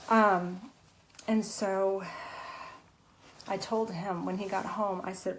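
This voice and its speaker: A woman's voice: medium pitch, flat delivery, slow pace, pauses often, slight background noise, poor audio. A woman author guest on a video call, earnestly sharing an emotional personal testimony, tearful at times, with many fillers and restarts.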